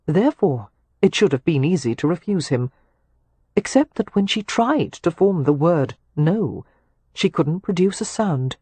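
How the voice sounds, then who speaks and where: A woman narrating a romance audiobook in a measured, intimate way. Her voice is husky and breathy, recorded close and completely dry. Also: low-pitched, darkish tone, dry recording.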